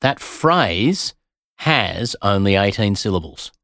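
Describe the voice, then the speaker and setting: Low voiced guy teasing through a math puzzle, dry close sound. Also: sing-song, slow, a bit bright, no room sound. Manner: playful, teasing storyteller. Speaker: podcast host. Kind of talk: casual science chat.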